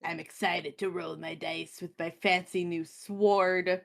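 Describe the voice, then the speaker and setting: A woman's voice: on the low side, fairly even intonation, unhurried, creaky. A woman playing a tabletop game who chats in an upbeat way with the group. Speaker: player. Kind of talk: casual tabletop game chat.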